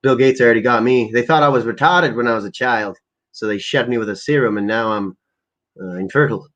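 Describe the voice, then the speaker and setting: A man's voice: mid-range voice, fairly even intonation, fast, a bit bright. A man ranting crudely and rambling on a casual livestream while stoned, as he sets up prank calls. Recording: lo-fi muffled recording.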